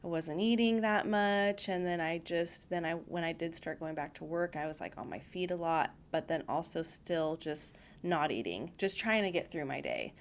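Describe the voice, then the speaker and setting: A woman's voice: on the low side, normal speed, few pauses. Chatty young woman retelling moments. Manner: chatty, acts out her own past lines in quotes. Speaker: podcast guest. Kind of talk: casual conversation.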